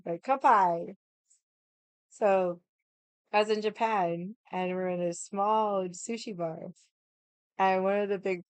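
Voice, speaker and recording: A young woman chats on her livestream in a lively, animated way, laughing often and swearing now and then. Her voice is smooth and clear, and the sound is dry and close, with no room around it. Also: medium pitch, no echo. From United States. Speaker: livestream host. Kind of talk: casual chat.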